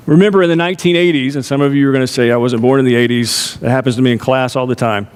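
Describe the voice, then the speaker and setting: A middle-aged male pastor preaching a sermon, talking to the congregation conversationally with rhetorical asides. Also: a little high. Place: church sanctuary. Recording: long reverb of a church hall.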